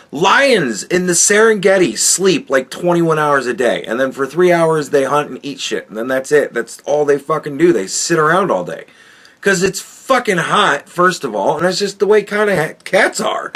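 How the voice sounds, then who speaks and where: A man's voice: fairly high pitch, lively intonation, normal speed, a bit bright. A man hosting a podcast, ranting crudely and mockingly with heavy swearing as he reacts to a clip. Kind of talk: profane ranting commentary.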